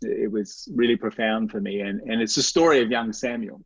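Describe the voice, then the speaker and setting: A man's voice: on the low side, fairly even intonation, a little fast, husky, no echo. A man as an interview guest telling a personal faith story, earnest and reflective, often restarting and repeating his words. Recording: dry, slightly dull recording.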